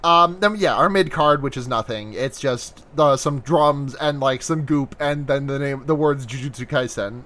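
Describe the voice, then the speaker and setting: A man's voice: mid-range voice, moderate pace, hardly any pauses, a bit bright. A man co-hosting a casual chat about a show's episode, rambling with frequent fillers and restarts. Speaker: podcast co-host.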